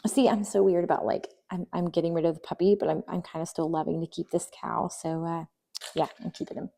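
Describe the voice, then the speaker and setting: A woman's voice: on the low side, little pitch movement, fairly quick, gravelly, mellow. A young woman chatting casually while sorting her kids' toys, often trailing into near-whispers. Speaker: vlogger. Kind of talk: casual voice-over while decluttering.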